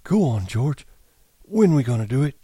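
A man's voice: mid-range voice, sing-song, normal speed, warm tone, husky, no room sound, voice pushed up. A man voicing a simple-minded, childlike farmhand who talks in an eager, pleading way, in an audiobook reading.

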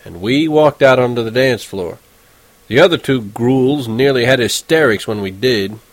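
A man's voice: mid-range voice, moderate pace, dry recording, poor audio. A man reading a first-person story aloud in a casual, wry, conversational way. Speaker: audiobook narrator. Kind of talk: first-person audiobook narration.

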